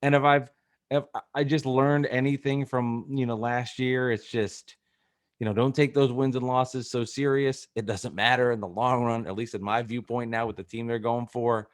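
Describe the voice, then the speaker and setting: A man's voice: medium pitch, steady tone, moderate pace. A man co-hosting a sports podcast in casual chat, earnest and prone to stammering restarts. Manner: earnest, stammers and repeats words. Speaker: podcast co-host.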